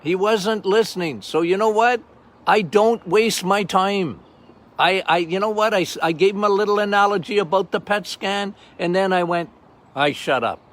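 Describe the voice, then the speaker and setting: An older man hosting a health podcast as a doctor, talking loudly and passionately in a casual monologue. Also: high-pitched, moderate pace. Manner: loud, passionate, emphatic.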